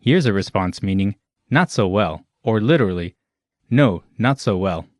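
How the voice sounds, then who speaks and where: A man narrating a scripted language lesson in a clear, measured way. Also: on the low side, expressive, dry recording. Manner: clear, measured instructional delivery.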